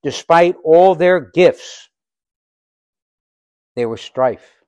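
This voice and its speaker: A man's voice: fairly high pitch, extremely slow, no echo. Preaching man with a dry, close sound. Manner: rhetorical questions, acts out little scenes, swings from quiet to loud. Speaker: pastor. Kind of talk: sermon. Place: church sanctuary.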